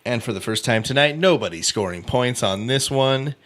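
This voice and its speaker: A man hosting a casual true crime podcast, reading out a case timeline with offhand asides and quick self-corrections. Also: mid-range voice, animated, fairly bright tone. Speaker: podcast host.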